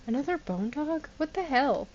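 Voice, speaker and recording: A woman streams a game live and chats through it, sliding into exasperated, laughing disbelief. Her voice sits a bit high. The audio is slightly dull and lo-fi. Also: lively intonation, normal speed, slight background noise. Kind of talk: casual live gameplay commentary.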